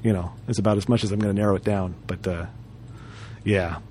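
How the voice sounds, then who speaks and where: A man's voice: deep voice, fairly even intonation, brisk, darkish tone, breathy edge. A man talking loosely on a podcast, drifting through stories with plenty of "uh" and "you know." His voice sits in an ordinary middle register, and he keeps circling back to restart his sentences. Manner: rambling, many fillers and restarts. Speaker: podcast co-host. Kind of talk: casual chat.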